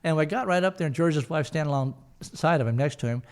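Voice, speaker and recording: A man's voice: a little high, fast. An older man telling a long personal story in an interview, rambling with many fillers and restarts. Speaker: guest, son of the founders.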